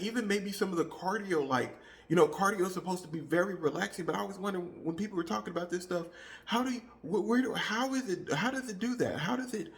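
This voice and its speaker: A man's voice: a little high, fairly bright tone. A man talks loosely into the camera for his fitness vlog. His sentences wander and often restart, with lots of filler words, in an unscripted chat. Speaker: fitness vlogger. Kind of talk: casual vlog monologue.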